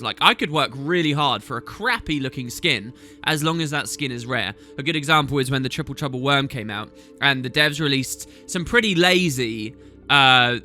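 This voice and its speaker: A man's voice: medium pitch, bright, forceful tone. A man hosting a gaming channel, answering viewer questions in a chatty, rambling way as he thinks aloud. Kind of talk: casual Q&A chat.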